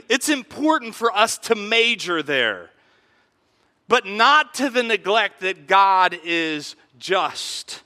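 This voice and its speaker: A man's voice: high-pitched, sharp tone. A man preaching a sermon as pastor, conversational and full of restarts, in a large church hall. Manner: conversational preaching with frequent restarts, acting out quoted voices. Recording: long hall reverb.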